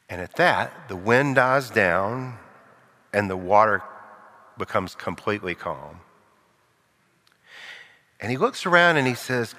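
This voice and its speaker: An older man preaching a sermon, acting out quoted voices and sinking to a hush for solemn lines. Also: medium pitch, lively intonation, unhurried, big-room sound.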